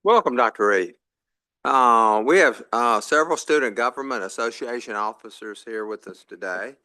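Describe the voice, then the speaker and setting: A man's voice: mid-range voice, animated, moderate pace, pushed and bright. A man presiding over a formal board meeting, calling motions and votes in set phrases with small fillers.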